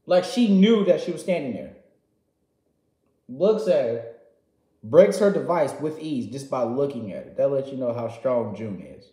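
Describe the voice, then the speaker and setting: A man casually recapping a game story, excitable and slangy, jumping from loud outbursts to quiet asides. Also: fairly high pitch. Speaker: gaming vlogger. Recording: roomy echo.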